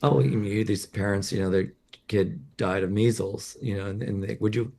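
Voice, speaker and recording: Scratchy-voiced man with gravelly low tone. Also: steady tone, dark tone. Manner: halting, repeats words and restarts, many "you know"s. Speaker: journalist guest. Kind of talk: conversational interview.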